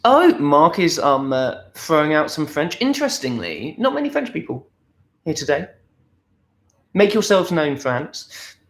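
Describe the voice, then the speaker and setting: A man's voice: on the high side, wildly swooping pitch, unhurried, a bit bright. Young guy from essex chatting on a home livestream, joking at his own expense. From Essex, England. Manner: chatty, playful and self-deprecating. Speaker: livestream host. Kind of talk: casual livestream chat reading viewer comments. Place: at home, indoors.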